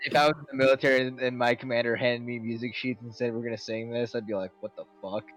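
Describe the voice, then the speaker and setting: Joking tabletop player, mid-pitched. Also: male voice, little pitch movement, fast talker, a bit bright, soft background music, poor audio. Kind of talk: tabletop role-play chat.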